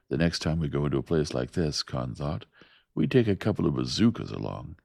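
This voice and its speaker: A man reading a science fiction novel aloud in a slow, even, soft-spoken narration. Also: rumbling low, creaky, dry recording, clean studio sound. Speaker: audiobook narrator.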